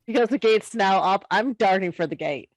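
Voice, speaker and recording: A woman's voice: medium pitch, moderate pace, dry recording, poor audio. Giggly woman player, dry sound. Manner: laughing easily. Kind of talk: tabletop game play over voice chat.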